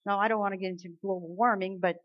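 A woman preaching a sermon, talking casually with the congregation and swinging between hushed and emphatic. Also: mid-range voice, steady tone, very fast, muffled recording.

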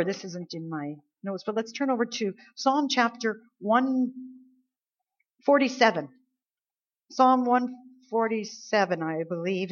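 A woman's voice: medium pitch, muffled recording. Woman preaching a conversational sermon. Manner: conversational preaching, rising into acted pleas and complaints.

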